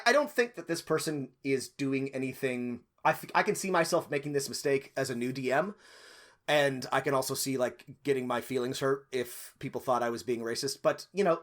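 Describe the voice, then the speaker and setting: A man's voice: mid-range voice, fairly bright tone. A man co-hosting a casual podcast, giving game master advice in a rambling, thinking-aloud way with lots of fillers.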